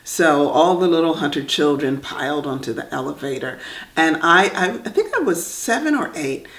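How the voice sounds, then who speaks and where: A middle-aged woman, a visual artist and writer, telling a personal story in a reflective, animated way with pauses. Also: low-pitched. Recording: echoey room.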